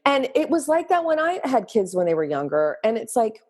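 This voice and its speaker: A woman's voice: a little high, very animated, brisk, a little mellow. A middle-aged woman talking candidly as a guest in a casual podcast interview, telling stories from her life as a mother.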